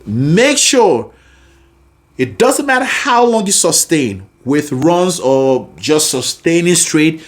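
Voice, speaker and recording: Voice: mid-range voice, very animated, slow. A singing teacher giving a vocal lesson, encouraging the learner and singing short example phrases between explanations. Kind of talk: vocal lesson with sung demonstrations.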